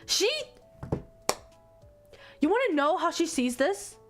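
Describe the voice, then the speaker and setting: High-voiced, exasperated female streamer. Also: expressive, slow pace, soft background music. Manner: exasperated, swears a lot. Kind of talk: casual stream commentary.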